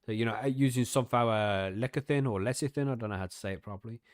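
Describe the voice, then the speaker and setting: A man's voice: fairly low pitch, fast, clean tone, dry recording, studio quality. A man hosting a casual podcast chat, laid-back, swearing and laughing easily. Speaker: podcast host.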